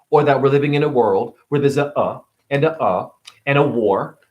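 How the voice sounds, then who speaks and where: A middle-aged man vlogging in a casual, ranting monologue, jumping between loud outbursts and quiet asides. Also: mid-range voice. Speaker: vlogger and spiritual teacher.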